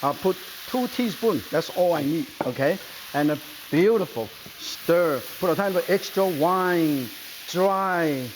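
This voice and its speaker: An older man hosting a cooking show, cheerfully walking through a stir-fry and chatting as he shops, in slightly non-native English. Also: a little high, lively intonation, unhurried, noisy background. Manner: enthusiastic, exclaiming and chatty. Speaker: celebrity chef and host.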